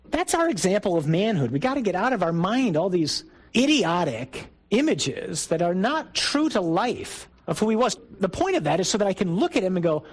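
The voice of this middle-aged priest is high, creaky, and slightly rough, captured in a low-quality recording. He talks to a group of men in a conversational, emphatic sermon, with bursts that rise.

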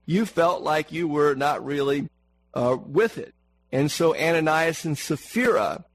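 A man with a voice on the high side and a breathy edge delivers an earnest sermon, recorded at low quality. He repeats words to drive points home and puts questions to the congregation.

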